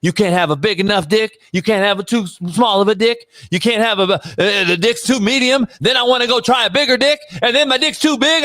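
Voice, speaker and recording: A male co-host doing a comedic mock prayer and rant, profane, repeating "Lord" and "homie" and building to shouting. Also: very high-pitched, no room sound, clean studio sound.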